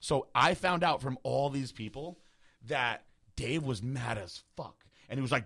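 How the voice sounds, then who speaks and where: A young man hosting a podcast, telling a long story in a casual, animated way, swearing freely and acting out the people he quotes. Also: on the high side, moderate pace, vocal fry. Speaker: podcast host.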